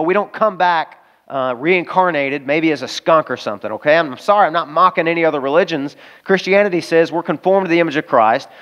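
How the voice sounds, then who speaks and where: A man preaching a sermon as pastor, talking casually with the congregation and slowing down to read scripture aloud. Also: mid-range voice, fairly bright tone. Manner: conversational, asides to the congregation; slows down when reading scripture aloud. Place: church service in a school auditorium.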